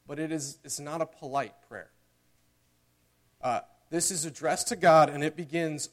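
A young man preaching a sermon in a slightly high voice. He talks in a conversational, earnest way, often checking in with the congregation, and reads scripture with dramatic force. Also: moderate pace. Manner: conversational, earnest, with frequent "okay?" and "right?"; dramatic readings of scripture and mock prayers.

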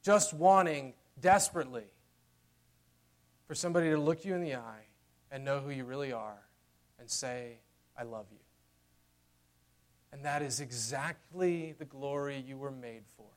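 A man preaching a sermon in a conversational style, dropping to a hushed, tender voice for key lines. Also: medium pitch, moderate pace. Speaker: pastor.

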